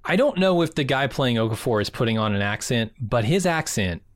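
A man's voice: mid-range voice, animated, fairly quick, dry recording, clean studio sound. A man co-hosting a podcast, talking in a casual, wry, chatty way. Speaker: podcast co-host. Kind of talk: casual chat.

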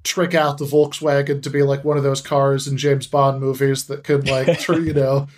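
A man speaking as a guest on a political podcast, halting and reaching for analogies. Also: mid-range voice, level tone. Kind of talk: casual political chat.

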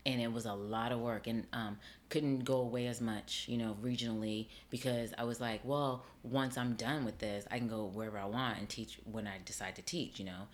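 A middle-aged woman, an actor and acting teacher, chatting in an interview and telling her story with lively acted-out dialogue. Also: very deep voice, moderate pace, hardly any pauses. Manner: animated storyteller, acts out quoted dialogue. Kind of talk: casual interview chat.

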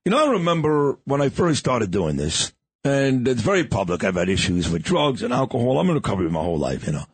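A man's voice: medium pitch, fast talker, husky, dry recording. A middle-aged man hosting a radio show, chatting and interviewing a guest in the studio. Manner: animated, conversational, interviewing. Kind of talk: casual on-air interview chat.

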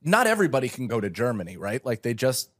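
A relaxed man co-hosting a comedy podcast, his voice at an everyday middle pitch. He rambles loosely and agrees easily, trailing off with fillers. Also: fast. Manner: laid-back, rambling, agreeable. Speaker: podcast co-host. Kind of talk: casual comedy podcast chat.

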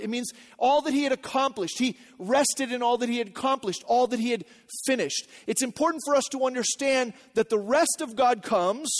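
With his voice pitched extremely high, a male pastor delivers an earnest, instructive sermon, restating important phrases and making sure the congregation keeps up.

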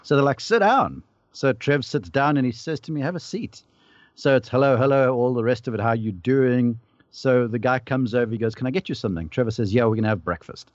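A man's voice: medium pitch, steady tone, fast talker, darkish tone, no echo. Man telling a story, dull lo-fi sound. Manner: anecdotal, acts out quoted dialogue. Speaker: podcast panelist, former caddie. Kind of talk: casual storytelling.

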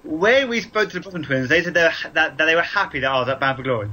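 Bright-voiced English man chatting. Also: fairly high pitch, animated, very fast, low-quality recording. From England. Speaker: podcast co-host. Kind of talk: casual chat.

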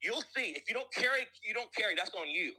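A man's voice: sits high, animated, fast, background noise. A man calling in with a profane, aggressive rant, repeating threats and mocking taunts. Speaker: caller. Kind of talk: hostile phone rant.

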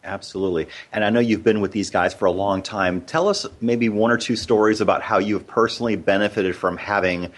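A man's voice: lowish voice, steady tone, fairly quick, hardly any pauses. A man hosting an interview, asking an encouraging question. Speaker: host.

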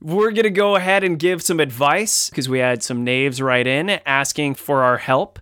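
A man hosts a casual podcast with a bright, somewhat high voice. He jokes and teases his co-host. The sound is dry and close. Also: normal speed, smooth, no room sound. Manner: jokey, teasing, playful.

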